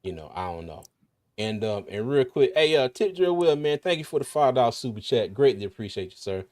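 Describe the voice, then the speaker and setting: A man's voice: medium pitch, sing-song, brisk, darkish tone. A man with a slight lisp hosting a casual sports talk livestream, rambling and laughing often. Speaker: podcast host.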